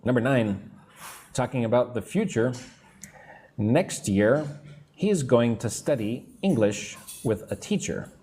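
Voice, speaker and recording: Slow, lively-voiced male English teacher. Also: mid-range voice. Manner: explains slowly and reads out viewer comments; drawn-out, patient teacher delivery. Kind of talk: live-streamed online lesson.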